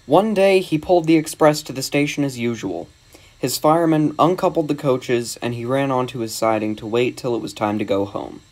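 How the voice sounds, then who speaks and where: A man's voice: medium pitch, normal speed, a little mellow. Man narrating a storybook.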